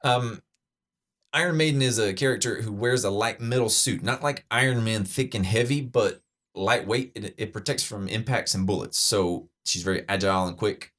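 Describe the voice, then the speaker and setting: A man's voice: fairly low pitch, normal speed, a bit bright. A man hosting a podcast, chatting enthusiastically with lots of fillers and restarts. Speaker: podcast host. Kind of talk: casual chat breaking down a trailer.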